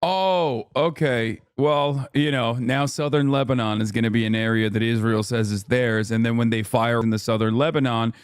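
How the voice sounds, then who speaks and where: A man's voice: medium pitch, moderate pace, few pauses, clean tone, no room sound, studio quality. A man streaming casual reaction commentary in a sarcastic, rambling way. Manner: sarcastic, rambling, riffing on chat.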